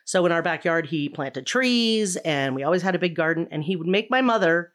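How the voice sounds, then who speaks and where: A middle-aged woman with a slightly low voice tells stories as a guest on a podcast. She is an animated storyteller and laughs often as she talks. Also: brisk. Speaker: guest, stage actor. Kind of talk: casual conversational interview.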